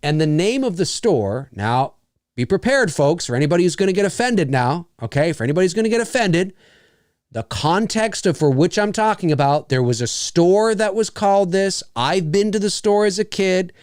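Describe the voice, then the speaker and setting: A middle-aged man from Canada chatting casually as a podcast co-host, with a slightly high voice. He rambles, circles back on himself and lands his points bluntly. The sound is dry and close to the mic. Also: expressive, normal speed, a little mellow, no room sound. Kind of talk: casual chat.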